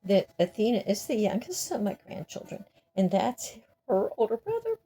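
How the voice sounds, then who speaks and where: A woman's voice: mid-range voice, very animated, moderate pace, dark tone. An older woman casually telling personal stories in a rambling way, laughing often and restarting her sentences. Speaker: storyteller sharing memories.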